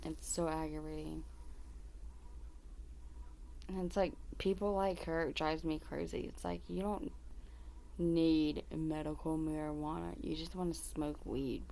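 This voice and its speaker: A woman gives critical reaction commentary, her voice low and gravelly with a slow, unhurried pace. She sounds exasperated at what she is watching. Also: flat delivery, dark tone. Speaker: commentary host. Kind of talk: reaction commentary on a video clip.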